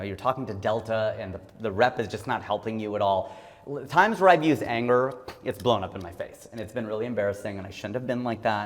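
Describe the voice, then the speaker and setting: A man in his forties from Ohio, giving a live motivational talk in a playful, self-mocking storytelling way. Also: lowish voice. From Ohio, USA. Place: talk room or hall with an audience. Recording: long hall reverb.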